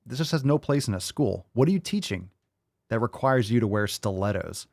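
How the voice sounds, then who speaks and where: A man's voice: mid-range voice, expressive, fairly quick, vocal fry, a little mellow, no room sound, clean studio sound. A man hosting a show, reacting to video clips with blunt, profane, mocking commentary.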